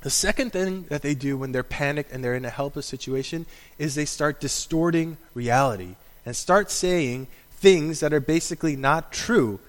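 A pastor in his thirties preaches in a large, echoing hall, his voice sitting a touch above the usual male range. He moves between calm explanation and animated, acted-out quotes, breaking into laughter at his own stories. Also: on the high side, moderate pace. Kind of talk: sermon. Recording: echoey hall sound.

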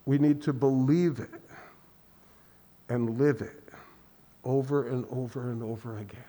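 A man preaching a sermon in earnest, halting speech, often restarting and repeating words. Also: mid-range voice, fairly even intonation, dark tone, long reverb tail. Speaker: pastor. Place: church sanctuary.

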